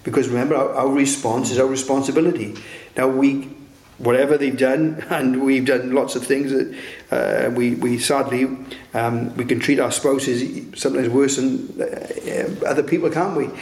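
A man's voice: mid-range voice, fairly even intonation, moderate pace, a little mellow. A man preaching a sermon in a conversational way, often turning points into rhetorical questions. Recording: roomy echo.

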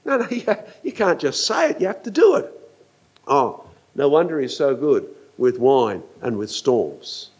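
An older man preaching a sermon, animated, asking his listeners questions and acting out quotes. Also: medium pitch, measured pace, slightly rough.

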